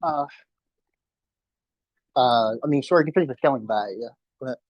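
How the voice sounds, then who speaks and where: A man's voice: medium pitch, normal speed, no echo, lo-fi sound. Insistent young man with a dry voice. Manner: insistent, mumbling at times. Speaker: debater. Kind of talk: casual online voice-chat debate.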